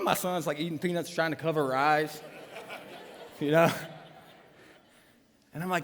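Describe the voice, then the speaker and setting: A man's voice: on the high side, a little fast, long pauses. A man, a pastor telling a personal story in a live sermon, acting out the voices in his tale. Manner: animated storytelling with voiced quotes. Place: church auditorium. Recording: live sermon in a large hall.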